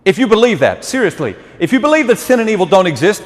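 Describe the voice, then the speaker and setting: A man's voice: high voice, sing-song, fast, few pauses. A man speaking as a deacon, giving a humorous talk to a live audience, joking and quizzing the listeners and laughing at his own lines. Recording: long hall reverb.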